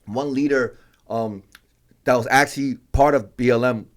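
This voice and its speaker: A man's voice: mid-range voice, normal speed. A man from New York, a podcast guest, telling a story animatedly and acting out the scenes in casual chat. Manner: animated storyteller who acts out scenes and voices.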